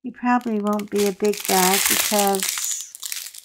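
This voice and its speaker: A woman's voice: mid-range voice, fairly even intonation, takes it slowly, noisy background. A middle-aged woman with a stuffy, sinus-laden voice, chatting casually and self-deprecatingly to viewers while unboxing craft supplies. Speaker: craft video host.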